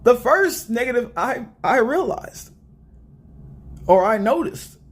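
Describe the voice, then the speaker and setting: A young man talking through a movie review in a loose, rambling way, cracking jokes and circling back on himself as he goes. His voice sits fairly high for a man. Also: slow, breathy edge. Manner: animated, rambling, joking.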